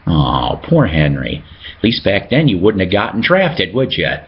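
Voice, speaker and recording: A man's voice: low voice, wildly swooping pitch, unhurried, highs cut off, a little hiss or hum. A man hosting a casual show-and-tell video about his records, chatting and joking as he reads out the labels. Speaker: record collector host.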